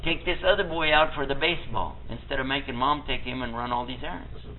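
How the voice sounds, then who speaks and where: A man's voice: medium pitch, brisk. An older man preaching a storytelling sermon, vividly telling a family story and acting out the people in it. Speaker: Islamic preacher. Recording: tinny phone-like lo-fi recording, faint hiss.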